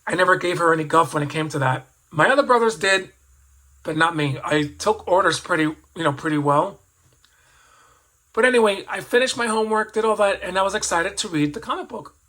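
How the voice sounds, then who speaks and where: A man in his fifties with a bright, forceful voice pitched a little higher than most men's. He tells a personal story in a rambling, reflective way, often restarting sentences and trailing into asides. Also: fairly quick, poor audio. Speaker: toy collector vlogger.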